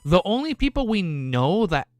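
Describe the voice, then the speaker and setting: A young man streaming live and chatting casually with his viewers. He rambles excitedly, swears, laughs often and says he is overwhelmed and lightheaded. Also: high-pitched, normal speed, no room sound, studio quality. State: overexcited and lightheaded. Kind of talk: excited casual livestream chat.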